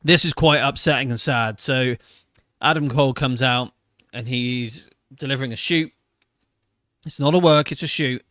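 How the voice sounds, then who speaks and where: A man's voice: mid-range voice, fairly bright tone, no room sound, studio quality. A man, hosting a casual wrestling podcast. He talks with enthusiasm and emotion and swears freely. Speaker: podcast host. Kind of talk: casual wrestling review chat.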